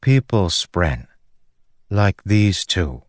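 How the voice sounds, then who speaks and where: A man voicing a mysterious woman warrior who speaks calmly and dryly. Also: deep voice, very slow, no room sound, exaggerated voice. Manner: calm, dry, understated.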